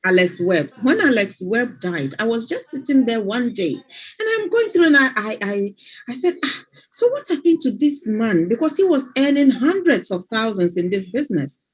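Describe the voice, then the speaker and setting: A woman hosts a casual motivational live stream, telling stories with excitement and laughing easily. Her voice is husky and fairly high. Its pitch moves around a lot. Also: normal speed. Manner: excited storytelling, laughs readily.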